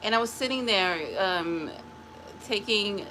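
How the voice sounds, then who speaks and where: A woman's voice: medium pitch, measured pace, background noise. A woman talking to camera in a spiritual vlog, taunting an unnamed rival and then chatting in a rambling way. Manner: rambling with restarts and laughs. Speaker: vlogger.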